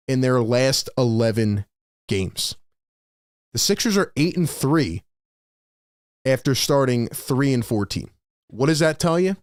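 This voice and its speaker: A man hosting a live postgame sports talk stream, talking in an animated, rhetorical way and often calling his listeners "man". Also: mid-range voice, no echo, studio quality. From Philadelphia area.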